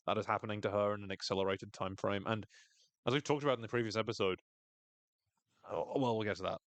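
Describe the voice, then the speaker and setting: A man's voice: lowish voice, expressive, fast, fairly bright tone, dry recording. A man co-hosting a podcast, recapping a TV episode in a casual, wry way and acting out quotes. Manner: dry, wry humor, reads quotes in a voice.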